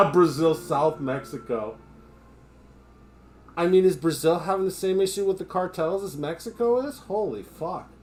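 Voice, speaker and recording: A man's voice: high-pitched, lively intonation, measured pace, a little hiss or hum. A man from the United States ranting his opinions in casual live-stream chat, swearing freely.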